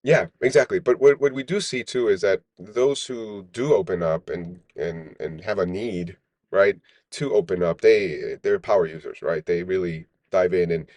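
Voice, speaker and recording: A man's voice: sits low, normal speed, darkish tone, dry recording. A man, a startup founder, talking as a guest in a casual podcast interview, rambling with many restarts and "right?" tags.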